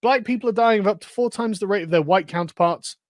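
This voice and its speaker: A man's voice: high voice, fast talker, no room sound, clean studio sound. A man in a played clip, delivering sarcastic online commentary full of rhetorical questions.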